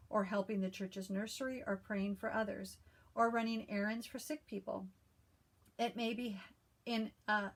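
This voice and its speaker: A woman hosting a casual stitching vlog, who chats and reads a devotional aloud in a calm, soothing voice with frequent restarts. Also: fairly high pitch. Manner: chatty, with frequent restarts and fillers. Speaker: cross-stitch video host. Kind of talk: casual chat and devotional reading.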